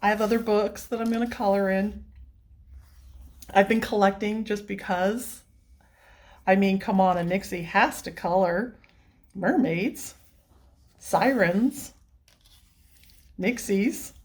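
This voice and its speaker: Woman vlogger, casual heartfelt chat, gushing, teary, laughs often, mid-pitched voice. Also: slow pace, pauses often. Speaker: coloring channel host.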